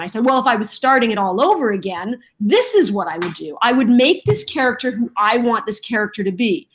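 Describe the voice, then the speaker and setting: Middle-aged lady voice actor chatting on a podcast, kinda high voice, does little voices as she talks. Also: brisk. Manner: lively storyteller who acts out voices and quotes. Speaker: voice actress guest. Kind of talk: casual podcast interview.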